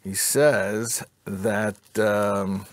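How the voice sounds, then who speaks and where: A man's voice: on the low side, steady tone, drawn-out words. A man teaching an informal Bible class to a live group, joking and quizzing his listeners. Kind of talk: informal Torah class with audience.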